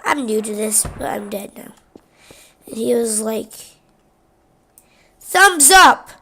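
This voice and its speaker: A woman's voice: a little high, fairly even intonation, measured pace, vocal fry, slight background noise. A woman casually retelling a game video, rambling with lots of "he was like". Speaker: narrator.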